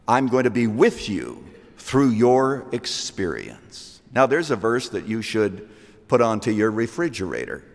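A man preaching a sermon, slow and emphatic, rising to loud peaks and dropping to hushed lines. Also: mid-range voice, very animated. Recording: long hall reverb.

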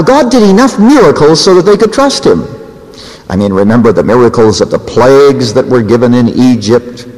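A man's voice: mid-range voice, a little mellow. Guy preaching in a big echoey church, voice jumps all over, acts out the quotes. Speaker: pastor. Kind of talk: sermon. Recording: reverberant hall.

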